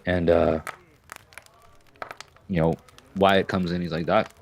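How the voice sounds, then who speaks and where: A man's voice: deep voice, flat delivery, takes it slowly, creaky, a little mellow. A man chatting casually and goofily while streaming a game. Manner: rambling, joking, goofy. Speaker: live-stream gamer. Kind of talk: casual live-stream chat.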